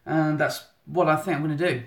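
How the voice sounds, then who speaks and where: Speaking a little high and fairly quickly, with vocal fry and fairly even intonation, this Englishman gives his monthly photography live update from home. Holding his phone at arm's length in an echoey indoor room, he's chatty, rambles and cuts himself off.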